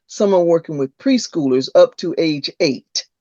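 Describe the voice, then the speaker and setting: Woman, 60s, podcast host and educator, expressive storyteller, lo-fi dull audio. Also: deep voice, moderate pace, no echo. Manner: animated storyteller, agreeable back-channel replies. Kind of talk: casual interview chat. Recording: dull lo-fi dry sound.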